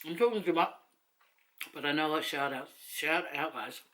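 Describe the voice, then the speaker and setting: A woman's voice: sits low, moderate pace, a bit bright. A middle-aged woman chatting casually in a mukbang vlog, humming and chewing between words. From Samoa. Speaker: vlogger. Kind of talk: casual mukbang chat while eating.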